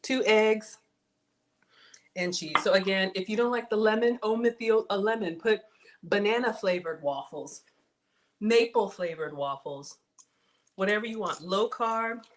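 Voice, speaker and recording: A middle-aged woman chats through a home cooking livestream. She is excitable and talkative, with a voice of middle pitch. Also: unhurried, pauses often. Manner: chatty and excitable, talks to viewers with "y'all". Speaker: home cook livestream host. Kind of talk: casual livestream cooking chat.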